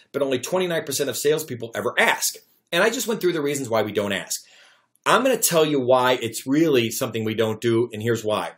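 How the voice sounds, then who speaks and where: Middle-aged male sales trainer, rapid-fire and conversational, acts out customer lines as he coaches. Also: medium pitch. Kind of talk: direct-to-camera sales tips talk.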